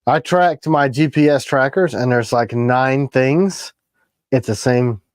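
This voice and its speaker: A man's voice: medium pitch, smooth, no echo, studio quality. A man co-hosting a live stream about his knives, talking in a rambling, casual way. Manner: rambling, jumps between thoughts, quick laughs.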